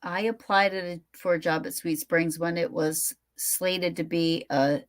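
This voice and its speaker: A woman's voice: fairly low pitch, steady tone, unhurried. A woman who hosts a casual live-stream chat, reacting eagerly with short exclamations. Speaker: host.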